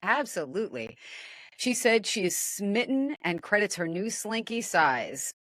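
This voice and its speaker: A woman's voice: mid-range voice, sing-song, unhurried, fairly bright tone, no room sound. A woman hosting a casual podcast, reading odd news stories aloud and laughing at them. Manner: amused, laughs often, comments while reading. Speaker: podcast host.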